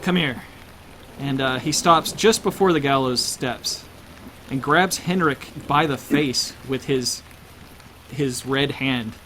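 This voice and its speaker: A man's voice: medium pitch, takes it slowly, fairly bright tone, a little hiss or hum. A man narrating a tabletop role-playing game as game master.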